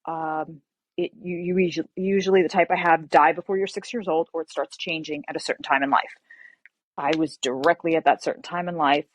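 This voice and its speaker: A woman guest author telling a personal story in lively conversation, acting out what others said and using precise medical terms. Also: low-pitched, dry recording, rough recording. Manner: animated, acts out quoted people.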